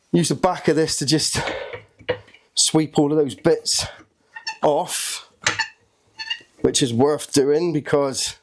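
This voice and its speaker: A man hosting his own video, talking casually and a bit nervously as he narrates a hands-on job step by step. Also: on the high side. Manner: chatty, nervous and excitable, thinking aloud as he works. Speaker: channel host.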